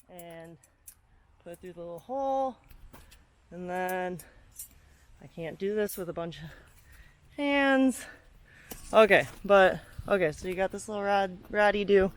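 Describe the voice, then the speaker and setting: A young woman talking casually in a solo tutorial vlog outdoors by her car, chatty and self-deprecating, a little out of breath as she works and films herself. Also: mid-range voice. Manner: chatty, self-deprecating, swears and laughs while working. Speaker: vlogger. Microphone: handheld camera, moving off frame.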